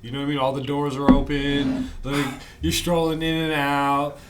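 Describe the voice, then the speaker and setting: A man's voice: on the high side, monotone, moderate pace. A man hosting a casual podcast chat, laid-back and asking short follow-up questions. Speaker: podcast host. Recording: noisy background.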